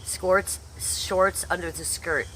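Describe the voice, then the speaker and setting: A woman's voice: fairly low pitch, fairly even intonation, takes it slowly, sharp tone, a little hiss or hum. A woman in her fifties chatting brashly on a live stream, reading out and answering the chat with blunt, salty humor. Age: 50s. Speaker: livestreamer.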